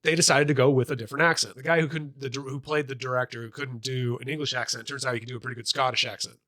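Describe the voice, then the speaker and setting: A young man co-hosting a podcast, chatting casually and telling theater stories with quick asides. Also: medium pitch, fairly even intonation, pushed and bright, dry recording, clean studio sound. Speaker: podcast co-host. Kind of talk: casual chat.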